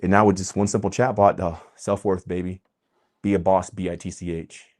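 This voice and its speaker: A man giving an impassioned, preachy monologue as the host of his own channel. He talks emphatically, swinging between loud bursts and quiet asides. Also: low voice, little pitch movement, a little fast. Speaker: vlogger host.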